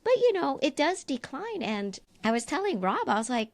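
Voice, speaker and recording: A woman's voice: high voice, big pitch swings, normal speed, vocal fry. A woman co-hosting a podcast, speaking with enthusiastic, effusive encouragement and repeating herself for emphasis. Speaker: podcast co-host. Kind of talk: casual interview chat.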